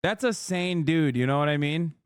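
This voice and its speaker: A man's voice: on the high side, moderate pace, clear, resonant tone, dry recording, clean studio sound. A man streaming as he reacts to a video, ranting in a heated, sarcastic and profane way. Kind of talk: casual reaction commentary.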